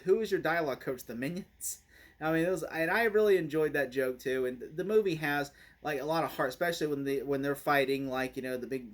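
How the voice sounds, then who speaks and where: A man talks through a casual movie review in a fairly high voice. He rambles, restarts and laughs often as he goes. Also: fairly bright tone.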